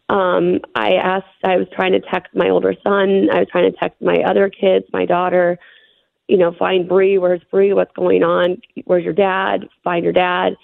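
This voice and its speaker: A middle-aged woman being interviewed, recounting a frightening experience in a shaken, halting way with many fillers. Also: on the low side, vocal fry, dry recording. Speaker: interview guest. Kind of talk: telling a personal story. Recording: phone-line interview audio.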